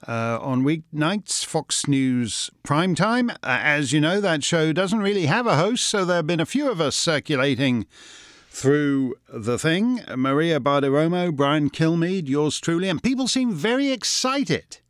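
Male host, sardonic wit, animated pitch, smooth dry studio sound. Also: measured pace, no room sound. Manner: sardonic, playful wordplay. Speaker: show host. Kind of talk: wry monologue.

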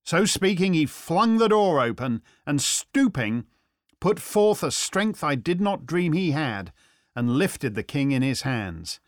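A man narrating a novel in the first person with measured, expressive storytelling. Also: a little high, dry recording, studio quality. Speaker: audiobook narrator.

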